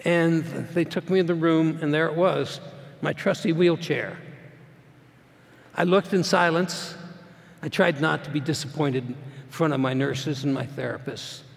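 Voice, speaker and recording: A man's voice: a little high, unhurried, creaky. Folksy man telling his story in a hall. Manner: plainspoken folksy storytelling, swinging from hushed to loud. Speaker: motivational speaker. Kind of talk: personal story told to a live audience. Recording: long hall reverb.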